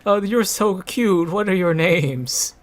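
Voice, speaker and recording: Man playing a hapless young wizard in a tabletop game: gentle, hesitant, slightly raised pitch, slow. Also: animated.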